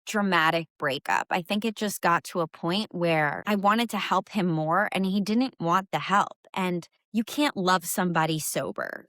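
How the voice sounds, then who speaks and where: Young woman, podcast host, lowish voice, dry close sound, candid storytelling, conversational. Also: fairly bright tone, no room sound. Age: young adult. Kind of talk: personal storytelling.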